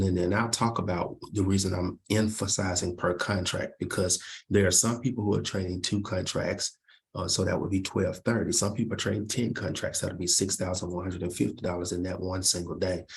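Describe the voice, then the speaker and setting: Man, very low voice, gravelly, trading instructor, rhetorical questions, repetitive. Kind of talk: screen-share market recap lesson.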